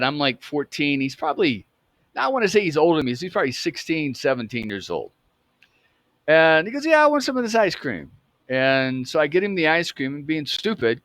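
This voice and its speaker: A man's voice: medium pitch, fairly bright tone, dry recording. Rambling, chatty man in his fifties. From United States. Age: 50s. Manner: rambling, self-correcting, laughs at himself. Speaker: vlogger. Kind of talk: casual storytelling.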